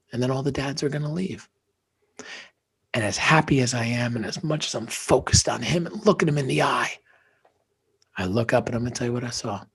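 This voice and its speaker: A man, a guest, telling a personal story with feeling, dropping to hushed near-whispers and rising to intense emphasis. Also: medium pitch, slightly rough.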